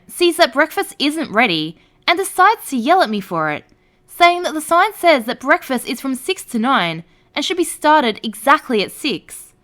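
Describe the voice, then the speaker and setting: A woman reads online stories aloud with a high voice. Her pitch swings widely, giving every line a lively, animated storytelling lilt. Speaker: narrator.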